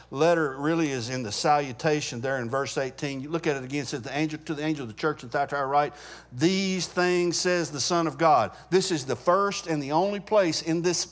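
A man with a slightly high voice teaches a Bible study class conversationally, pausing to put questions to the group and frequently restarting his sentences.

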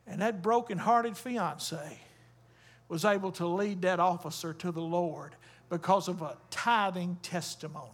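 A man's voice: sits high, measured pace. A man preaching a sermon as a Baptist pastor, emphatic and calling on the congregation to answer back. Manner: emphatic preaching with call-and-response.

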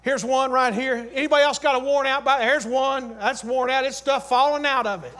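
A man's voice: extremely high pitch, steady tone, fairly quick. A man preaching a sermon, urging his congregation with repeated phrases and calling out to them. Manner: swings from loud urging to quiet storytelling.

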